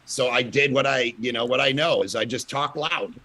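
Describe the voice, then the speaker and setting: A man, a pastor, chats through stories in a bright, slightly husky voice. He gets loud for emphasis and laughs often as he talks. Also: medium pitch, normal speed. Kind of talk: casual storytelling at a conference panel.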